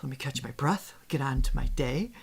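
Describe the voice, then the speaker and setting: A man hosting as a vocal coach in a casual reaction chat over a video call, talkative and quick to laugh. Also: mid-range voice, lively intonation, gravelly, breathy edge. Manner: chatty, laughs often.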